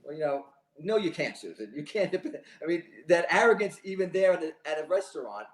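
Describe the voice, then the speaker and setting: A man co-hosting a laid-back sports podcast, winding through his stories with constant restarts. His voice sits somewhat high, and the room around him rings with echo. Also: big pitch swings, fast talker. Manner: rambling storyteller, many false starts and restarts. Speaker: podcast co-host. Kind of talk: casual sports podcast chat. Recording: echoey room.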